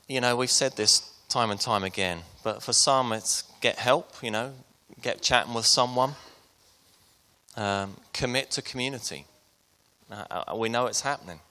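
Bright-voiced male preacher, low-pitched. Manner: storytelling preacher, soft and intimate at the close. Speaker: pastor. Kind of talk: sermon.

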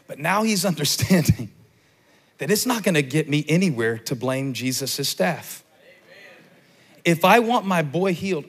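Man preaching, soft to shouting. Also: medium pitch. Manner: swings from quiet, intimate talk to loud, shouted preaching. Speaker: pastor. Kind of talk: sermon. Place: large church before a live congregation.

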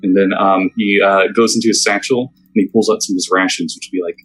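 A man's voice: low voice, steady tone, husky, faint music behind, low-quality recording. A man playing a tabletop role-playing game, describing his character's actions with many fillers and restarts. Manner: hesitant, halting, many fillers. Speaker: player. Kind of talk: casual tabletop play.

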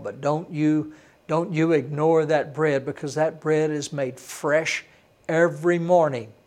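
A male pastor delivering a sermon teaching in a folksy, conversational way. His voice sits a bit high for a man. He drops to hushed awe, then comes back emphatic and lively.

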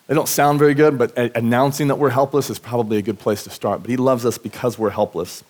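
A man's voice: medium pitch, steady tone, quick pace, a little mellow. A man preaching a conversational sermon at a church service, earnest and casual, often saying "like" and restarting his sentences as he tells personal stories. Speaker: pastor preaching.

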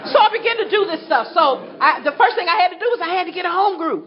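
A woman sharing her story with an audience at a recovery meeting, animated and laughing as she talks. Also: very high voice, fast, hardly any pauses, noisy background. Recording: dull recording with a crowd behind.

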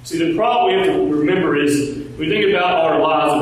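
Male preacher in an echoey hall. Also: fairly high pitch. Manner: asks the congregation rhetorical questions with tag questions; slows down when quoting scripture. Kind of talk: sermon. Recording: very echoey room, voice from a distance.

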